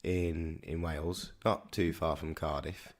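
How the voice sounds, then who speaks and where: A man with a Birmingham accent chats on a podcast in a low voice. He rambles and repeats himself while he works out what he means. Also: flat delivery, unhurried. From Birmingham, England. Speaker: podcast co-host. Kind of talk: casual chat.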